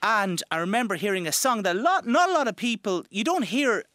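An Irish man in his forties, a radio guest telling stories in an animated, chatty way. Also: high voice, no room sound, clean studio sound. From Ireland. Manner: animated storyteller, quick asides. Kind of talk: casual chat.

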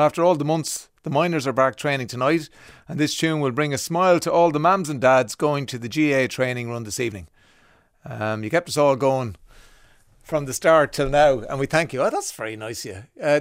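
A man's voice: on the high side, lively intonation, fairly quick, dry recording, clean studio sound. An Irish man presenting a radio show in a chatty, casual way, reading out listener messages. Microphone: studio mic.

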